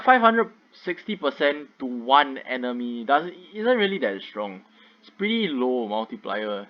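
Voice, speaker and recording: A young man, rambling through casual game commentary with many fillers and restarts. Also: medium pitch. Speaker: gaming video creator. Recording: dull lo-fi sound.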